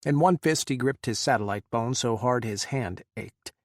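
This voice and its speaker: A man reading an audiobook in a measured, dramatic narration style. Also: medium pitch, no echo, studio quality. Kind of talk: scripted narration.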